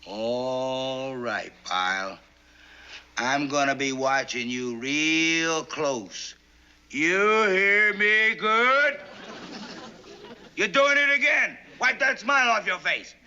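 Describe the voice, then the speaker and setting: An actor playing a stern, sarcastic Marine drill sergeant who barks orders and counts cadence, in a 1960s sitcom. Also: male voice, a little high, expressive, slow, sharp tone, clear, resonant tone, full character voice. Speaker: drill instructor. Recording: dull old TV soundtrack.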